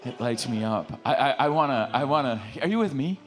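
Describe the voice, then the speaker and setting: A man preaching in a church, pleading and repeating his phrases with stammering restarts as he leads the room in prayer. His voice sits in an ordinary middle range. A guitar plays quietly underneath. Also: medium pitch, lively intonation, brisk. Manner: impassioned, repetitive, stammering restarts. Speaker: pastor. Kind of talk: sermon with altar call and prayer. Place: church sanctuary.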